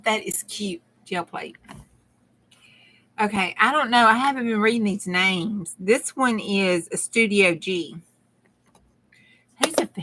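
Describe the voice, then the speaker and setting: Woman, Southern US accent, unhurried speech, bright voice, chatty and giggly, crafting livestream host. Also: medium pitch, a little hiss or hum. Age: middle-aged. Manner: chatty, laughs often, talks to viewers. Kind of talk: casual crafting livestream chat.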